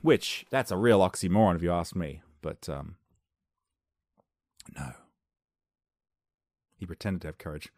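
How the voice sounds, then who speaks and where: A man's voice: low voice, expressive, measured pace, long pauses, darkish tone, no echo, studio quality. A man in his thirties hosting a podcast, rambling through a jokey monologue and laughing at his own jokes. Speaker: podcast host.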